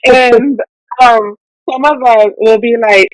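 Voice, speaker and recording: A woman's voice: fairly high pitch, takes it slowly, no room sound, low-quality recording. A woman from Puerto Rico, a therapist and podcast guest, telling stories in casual chat and dropping in Spanish phrases. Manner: animated, switches into Spanish phrases.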